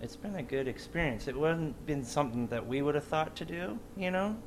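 A man's voice: on the high side, expressive, brisk, a little hiss or hum. A man talking casually in an interview as a band musician, easygoing and reflective.

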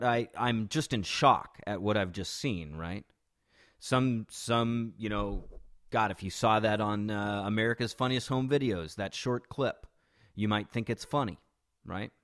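A man recounting a shocking street incident in a casual, conversational way, often restarting and adding "right?" asides. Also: on the low side. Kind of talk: personal storytelling.

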